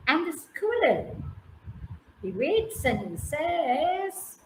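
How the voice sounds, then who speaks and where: Slow, high-voiced Indian woman storyteller. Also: echoey room, slight background noise, rough recording. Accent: Indian English. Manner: animated, coaxing, praising by name. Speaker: storyteller teaching a class. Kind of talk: interactive storytelling with questions to listeners.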